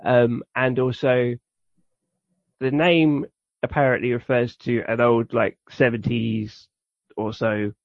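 Here a man from the United Kingdom, co-hosting a podcast, takes his time explaining a cartoon in a rambling, enthusiastic, casual chat. His medium-pitched voice holds a steady tone with no room sound, in a dull, dry lo-fi recording.

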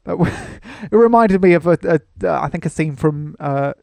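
A podcast host rambles through a film review, often laughing and restarting his sentences. His voice sits a little high with a gravelly fry. The mic is close and dry. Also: animated, moderate pace, warm tone, dry recording. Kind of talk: casual film-review chat.

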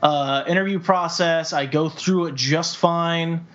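A man chatting casually on a podcast, halting with many restarts. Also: fairly high pitch, steady tone, a bit bright. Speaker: podcast co-host. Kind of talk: casual chat. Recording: dull lo-fi podcast audio.

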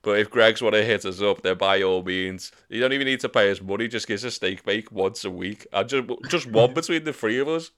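A man's voice: on the low side, a little fast, hardly any pauses, a bit bright. A man co-hosting a podcast, joking and swearing in casual, sarcastic banter. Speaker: podcast co-host.

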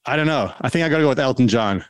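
A man's voice: mid-range voice, animated, racing, clean tone, no echo. A man from South Africa with a South African accent, joking around and rambling in a casual podcast chat. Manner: joking, rambling with many restarts. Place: Texas.

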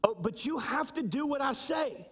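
A middle-aged man preaching a sermon as pastor, emphatic and slowing down to stress key points. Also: extremely high pitch, expressive, fairly bright tone.

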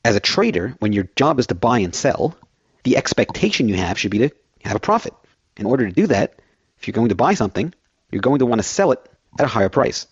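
A man's voice: medium pitch, very animated, fast talker, slightly rough, dry recording, highs cut off. A man filling in as host of a financial radio show, rambling through everyday analogies.

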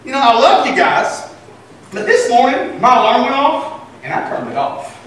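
High, bright-voiced preacher in an echoey hall. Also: male voice, normal speed, slight background noise. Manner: animated preaching that swings between loud and quiet. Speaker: pastor. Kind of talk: sermon. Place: church sanctuary. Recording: echoey church hall from a distant mic.

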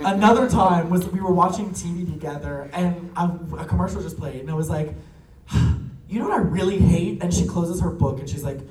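A man's voice: on the high side, recorded from a distance. A young man telling family stories in a casual, chatty way, laughing often and acting out quotes. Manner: chatty, laughing, full of likes and quick quoted asides. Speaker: drag performer. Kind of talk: casual storytelling. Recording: roomy echo from off-mic, faint ambience.

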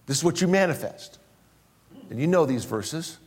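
Man preaching with dramatic swings. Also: lively intonation. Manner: preaching with dramatic swings between loud emphasis and low, slow drops; repeats key phrases for emphasis. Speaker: pastor. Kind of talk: sermon.

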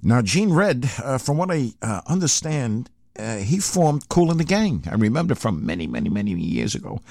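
Older radio host with lively pitch. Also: male voice, normal speed, creaky, no echo, studio quality. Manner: lively, rambling, filler-heavy. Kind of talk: casual radio chat between records. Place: radio studio.

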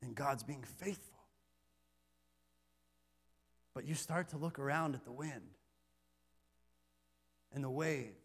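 A man's voice: medium pitch, measured pace, slightly rough. A man preaching a sermon and reading scripture in a conversational way, with light self-deprecating humor and stammered restarts. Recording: long hall reverb.

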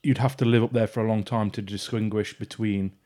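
A man's voice: fairly low pitch, steady tone, fairly quick, warm tone. Male co-host, blunt joking storyteller, casual. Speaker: podcast co-host. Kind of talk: casual chat.

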